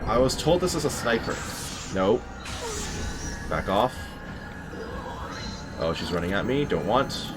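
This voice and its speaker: Lively low-voiced man narrating a game. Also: unhurried, long pauses. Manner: wry, talks back to the enemies. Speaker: gameplay commentator. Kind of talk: let's play commentary. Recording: game music playing behind. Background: game music.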